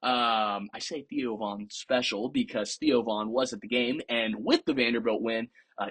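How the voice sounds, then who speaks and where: A man's voice: mid-range voice, a bit bright, slightly rough. A man hosting a podcast, giving casual, opinionated sports commentary with a playfully sarcastic edge. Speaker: podcast host.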